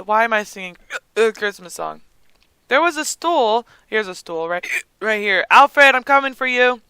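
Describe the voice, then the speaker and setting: A young man doing excitable gameplay commentary, gasping and talking to the game characters while he has the hiccups. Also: high voice, unhurried, smooth, no room sound. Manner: excitable, gasps and yelps, talks to game characters. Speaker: let's play gamer.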